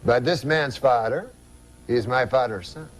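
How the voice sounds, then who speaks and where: A man voicing an excitable older French-Canadian uncle, shouting happily in a raised voice. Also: mid-range voice, measured pace, natural voice. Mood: excited.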